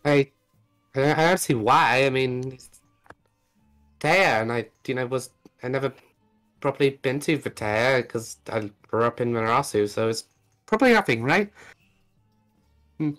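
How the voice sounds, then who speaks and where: A man's voice: mid-range voice, expressive, a little slow, pauses often, fairly bright tone, faint music behind. A man voicing a stammering, uneasy young woman adventurer. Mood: unsure. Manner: hesitant, stammering, brushing off worry. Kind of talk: tabletop role-play in character.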